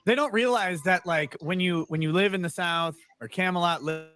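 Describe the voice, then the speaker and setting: A man's voice: high voice, normal speed, fairly bright tone. A man making dry jokes in a casual stream chat.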